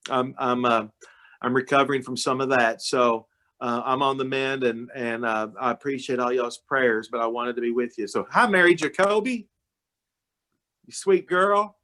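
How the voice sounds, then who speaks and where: A man's voice: mid-range voice, level tone, normal speed. A man, speaking to a club meeting over a video call in a folksy, storytelling way while recovering from illness. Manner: folksy, storytelling, warm-hearted address. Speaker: county judge guest speaker. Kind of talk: casual talk to a club meeting.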